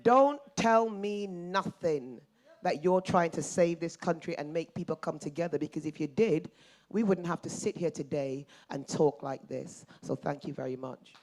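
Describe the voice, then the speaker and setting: A middle-aged woman in the audience giving a forceful, emphatic public comment, repeating her points. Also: deep voice, normal speed. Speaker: audience member.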